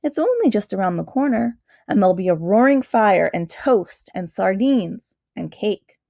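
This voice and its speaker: A woman's voice: mid-range voice, big pitch swings, normal speed, gravelly, warm tone, no echo, studio quality. A woman voicing a courteous, remorseful male faun in a storybook reading, earnest and anxious in manner. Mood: hospitable. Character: gentle, fretful male faun.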